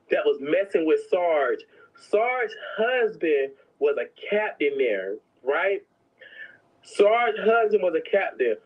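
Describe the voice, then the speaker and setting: A woman's voice: deep voice, breathy edge. A woman telling prison stories in a casual, sassy, dramatic way, slipping into other people's voices. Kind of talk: casual storytelling. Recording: dull lo-fi sound.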